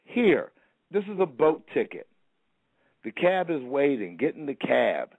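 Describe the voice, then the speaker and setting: Man as an exasperated, no-nonsense genie; gravelly, dry lo-fi recording. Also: mid-range voice, very animated, a little slow, dry recording, voice pushed up, full character voice. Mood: brisk. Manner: blunt, exasperated. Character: fed-up male genie granting wishes. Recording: dry, phone-like narrow sound.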